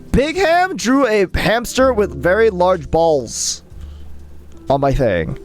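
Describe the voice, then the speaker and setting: A young adult live streamer chatting casually with viewers, excitable and chatty, often restarting sentences. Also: mid-range voice, slow pace. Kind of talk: casual chat while reading stream chat.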